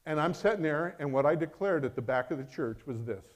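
Pastor guy preaching, higher voice, gets loud then goes real quiet. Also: sing-song, fairly quick. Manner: emphatic, swings between loud and hushed. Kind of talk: sermon.

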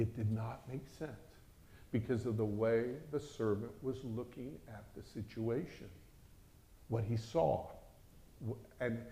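A man preaching a sermon in a lively, conversational way, often breaking in with exclamations. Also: medium pitch.

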